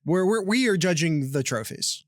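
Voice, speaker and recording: A man co-hosting a podcast with a slightly high voice, full of jokes and playful teasing. He often talks over his partner. The sound is dry and close on a desk microphone. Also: lively intonation, moderate pace, no room sound. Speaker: podcast co-host. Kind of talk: casual podcast banter. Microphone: desk microphone with noise gate.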